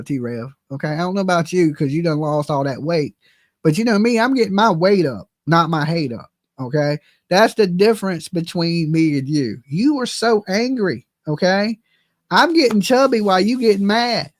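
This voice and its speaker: A man's voice: sits high, no room sound, clean studio sound. A man with a Southern US accent giving a heated reaction rant as a channel host, repeating himself and tossing in "okay?". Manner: heated, repetitive, keeps asking "okay?". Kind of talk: ranting reaction commentary.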